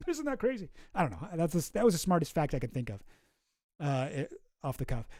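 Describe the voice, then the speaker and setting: A man's voice: fairly high pitch, big pitch swings, brisk, darkish tone, dry recording, studio quality. Rambling sarcastic male streamer. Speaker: streamer host. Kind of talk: casual commentary stream.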